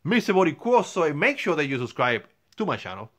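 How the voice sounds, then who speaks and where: A man hosting a gaming channel, giving excitable let's play commentary, swearing and yelling at the game. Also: a little high, fast. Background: game music.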